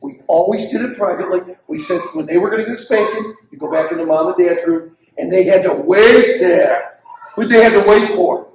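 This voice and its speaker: An older man teaching parents as a pastor, animated and acting out quotes from children and parents, in a church hall. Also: high voice, normal speed, far from the mic. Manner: animated preacher who acts out quotes of kids and parents. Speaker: pastor leading a parenting session.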